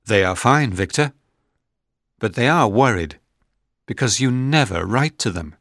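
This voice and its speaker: A man voicing a kind, worried young male friend in a storybook reading, in a gentle, concerned tone. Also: mid-range voice, animated, unhurried, no echo, clean studio sound.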